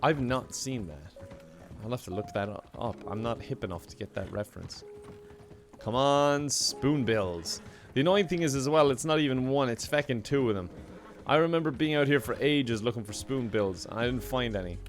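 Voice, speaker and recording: A man's voice: medium pitch, expressive, normal speed, soft background music. A young man streaming a game, chatting casually, laughing often and reading out donations. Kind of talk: casual live-stream chat while gaming.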